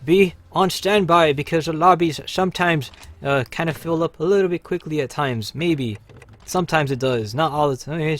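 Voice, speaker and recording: A man hosting a casual gaming livestream, chatting upbeat with viewers while he plays. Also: a little high. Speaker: livestream host.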